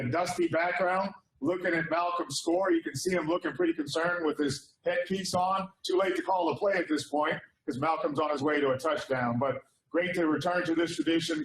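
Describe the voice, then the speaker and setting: A man's voice: on the high side, roomy sound, low-quality recording. A man in his sixties, president of an alumni association, giving a casual, upbeat welcome address with frequent fillers. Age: 60s. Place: indoor hall.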